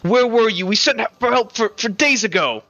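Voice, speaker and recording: Brief: streamer as a scornful, jittery young woman, bright voice, slightly dull stream audio. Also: medium pitch, expressive, moderate pace, dry recording, soft background music, voice pushed up. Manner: scornful, then nervous and flustered. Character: bitter, sneering young woman in her twenties.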